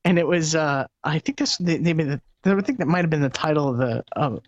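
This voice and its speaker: On a casual late-night tech talk show, a male co-host with a slightly high voice tells stories briskly, rambling, laughing, and restarting often in an animated way. The live stream audio is dull and lo-fi.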